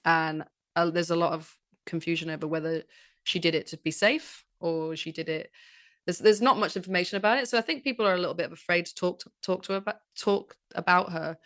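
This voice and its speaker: Speaking briskly in a lowish voice, a guest author from Manchester, England, with a Northern English Manchester accent, talks history on a casual podcast. She tells stories with enthusiasm and animation. The recording is studio quality with no echo.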